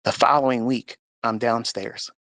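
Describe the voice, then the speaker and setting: Man, gravelly voice, earnest, emphatic storytelling, dry close sound, live audio chat on a phone. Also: mid-range voice, steady tone, normal speed, fairly bright tone, no echo. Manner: earnest, emphatic, acts out dialogue. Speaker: speaker sharing a personal testimony. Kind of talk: emotional personal storytelling. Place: at home.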